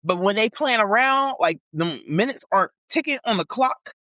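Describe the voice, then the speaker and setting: A woman's voice: mid-range voice, lively intonation, moderate pace, pushed and bright, no room sound. Blunt, sassy woman co-host. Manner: blunt, sassy, teasing, uses slang. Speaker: podcast co-host. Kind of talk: casual podcast chat.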